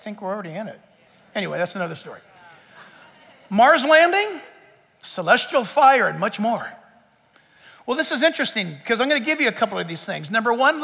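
A middle-aged male pastor preaching a sermon in an animated, joking way, with mock quotes. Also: extremely high pitch, in a large hall.

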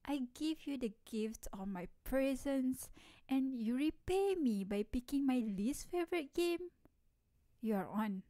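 Actress as playful tomboy best friend in ASMR role-play; mellow, unhurried, teasing. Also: female voice, high voice, expressive, dry recording, clean studio sound. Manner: teasing, playful, laughs often. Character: energetic teasing tomboy childhood best friend, young woman.

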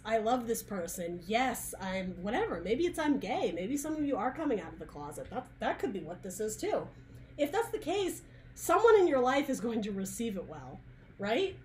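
A woman's voice: a little high, a little mellow, a little hiss or hum. A woman reading tarot cards in a chatty, searching way, full of restarts and asides. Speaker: tarot reader. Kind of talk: casual tarot reading monologue.

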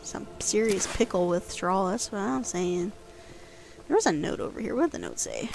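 A woman giving casual let's-play commentary as a guest host, jumpy and quick to yelp when frightened. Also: fairly low pitch, animated, slight background noise. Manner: jumpy, yelps and squeals when scared.

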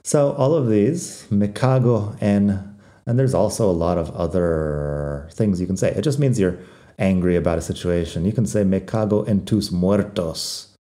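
A man teaching Spanish slang in a relaxed, wry, conversational podcast lesson, with a non-native accent when he says the Spanish words. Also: low-pitched, normal speed. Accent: non-native Spanish accent when speaking Spanish.

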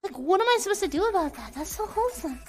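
A woman's voice: very high-pitched, big pitch swings, quick pace, soft background music. A woman streaming casually in a virtual world, playful and goofy, chatting to her viewers. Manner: playful, goofy, breaks into sung noises and silly bits.

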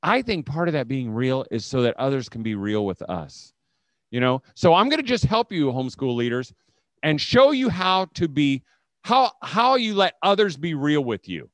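On the high side and sing-song, this middle-aged man speaks at a moderate pace with a slightly bright tone and no echo. His conference talk to homeschool leaders is conversational storytelling, with quotes acted out.

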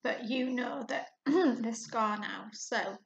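Female primary teacher, slightly high voice, unhurried, questions to the class, echoey lo-fi room sound. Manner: slow and patient, asks questions to the class; clears her throat often. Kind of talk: recorded reading lesson for pupils.

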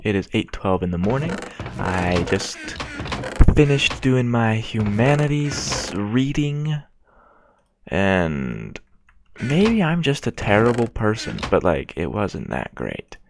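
A man's voice: lowish voice, very animated, takes it slowly, noisy background. A man giving casual gameplay commentary, rambling and mocking himself as he chats to the game's characters. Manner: rambling and self-mocking, chatting to game characters. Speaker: gaming video creator.

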